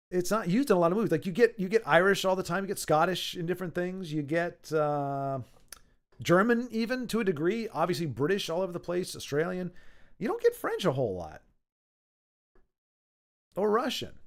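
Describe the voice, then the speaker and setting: A man hosting a livestream, chatting in a rambling way and reading viewer messages aloud, his voice a little worn. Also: sits high. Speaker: livestream host. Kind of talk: casual livestream chat.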